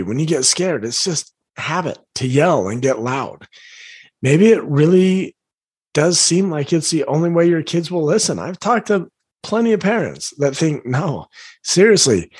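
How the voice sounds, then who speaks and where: Man, parenting coach, earnest, encouraging, slightly raised pitch, husky. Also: lively intonation, moderate pace. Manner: earnest, encouraging, invites listeners gently; clears throat now and then. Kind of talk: talking to parents about yelling.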